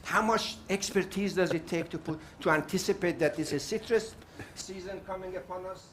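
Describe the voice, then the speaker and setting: A man's voice: sits high, normal speed, a bit bright, slight background noise. Emphatic South African man, fired up. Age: older. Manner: emphatic, repetitive, outspoken. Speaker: panel speaker. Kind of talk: impassioned summit speech.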